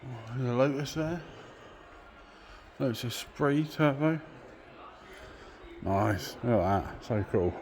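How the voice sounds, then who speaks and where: Excitable man touring a car museum. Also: medium pitch, slow, pauses often, a little hiss or hum. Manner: excitable, gushing, swears when amazed. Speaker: car vlogger. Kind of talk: casual walking tour commentary. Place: indoor car museum, busy hall.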